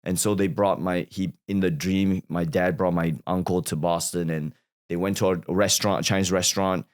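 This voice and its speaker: A man with a very low voice, talking as a guest in a casual conversation. He tells a family story, jumps into quoted voices and restarts his sentences as he goes. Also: steady tone, moderate pace. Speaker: guest comedian.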